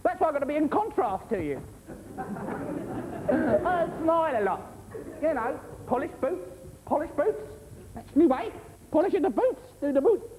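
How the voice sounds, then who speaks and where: A man's voice: very high voice, big pitch swings, a little slow, pauses often, exaggerated voice. A man playing a cheerful, simple-minded old-time male servant, talking chirpily and eagerly. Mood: chirpy. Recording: noisy old TV tape in a reverberant studio.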